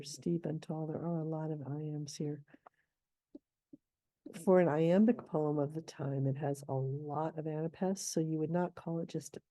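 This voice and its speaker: A middle-aged woman teaching how to scan poetry, thinking aloud and reading verse lines slowly and deliberately. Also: deep voice, warm tone, no room sound. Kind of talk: informal scansion lesson.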